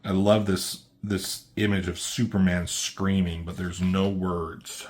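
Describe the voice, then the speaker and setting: Deep-voiced man reviewing comics. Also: takes it slowly. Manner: excited, loose, swears often. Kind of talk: casual comic review commentary.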